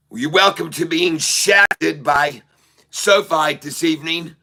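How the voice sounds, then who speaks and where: A man from Ireland hosting a stock market show, ranting furiously and profanely, repeating himself and sometimes shouting. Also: sits high. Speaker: stock market video host. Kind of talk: angry ranting market commentary. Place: Dublin, Ireland.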